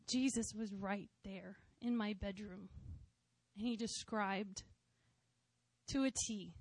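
A church speaker in her thirties shares a heartfelt testimony in a conversational sermon, weaving in some gentle humor. Her fairly high voice is recorded close and dry, with almost no room sound and no echo.

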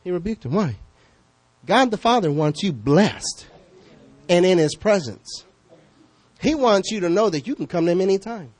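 A man preaching a sermon as pastor, conversational and questioning, swinging between loud calls and hushed asides. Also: high-pitched, animated, normal speed. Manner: conversational, asks the congregation questions.

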